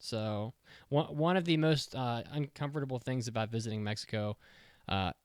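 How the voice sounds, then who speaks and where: A man in his thirties co-hosting a podcast, chatting casually in an excitable, rambling, jokey way. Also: mid-range voice, normal speed, smooth, no room sound, studio quality. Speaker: podcast co-host. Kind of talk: casual chat.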